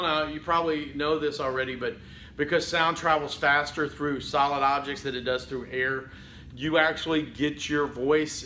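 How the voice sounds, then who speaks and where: A man teaching a public speaking class in a conversational lecture, often saying "okay" and acting out halting speech full of fillers. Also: fairly high pitch, a bit bright, reverberant, a little hiss or hum, low-quality recording. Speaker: college public speaking instructor. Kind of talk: recorded lecture.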